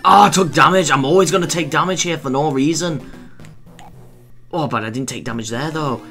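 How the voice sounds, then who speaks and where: A man giving excitable let's play commentary, exclaiming and scolding the game as he plays. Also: a little high, a little fast, faint music behind. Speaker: gameplay video host.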